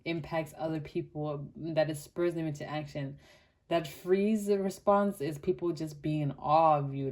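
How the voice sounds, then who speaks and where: Young woman from Botswana, low mellow tone, animated casual tarot reader. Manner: chatty and animated, many "like" fillers, laughs often. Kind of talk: casual pick-a-card tarot reading.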